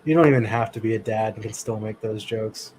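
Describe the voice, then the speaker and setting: A man co-hosting a livestream, chatting casually with viewers in a relaxed, loose way. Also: lowish voice, a little fast, a little hiss or hum, rough recording. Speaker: livestream co-host.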